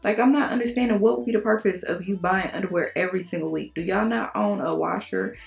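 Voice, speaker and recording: A young adult woman chatting frankly to her viewers, telling animated stories and cussing casually. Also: mid-range voice, quick pace, creaky. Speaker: beauty vlogger. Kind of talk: casual chat to camera.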